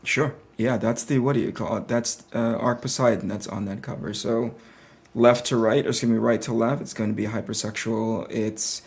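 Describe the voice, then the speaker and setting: A man's voice: lowish voice, steady tone, moderate pace, breathy edge. A man appearing as a guest on a comics livestream, joking dryly and answering questions. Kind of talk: casual livestream chat.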